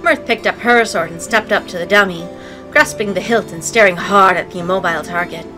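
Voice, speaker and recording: A woman's voice: lowish voice, a little fast, music in the background, low-quality recording. A woman narrating a visual novel aloud as a let's play, breaking in with sarcastic, playful asides. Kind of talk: reading game text aloud with commentary.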